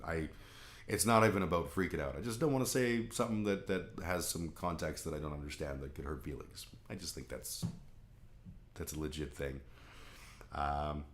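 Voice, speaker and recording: A man's voice: extremely low pitch, moderate pace, reverberant. A man from Canada talking candidly in a rambling, casual monologue, swearing freely. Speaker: vlog host.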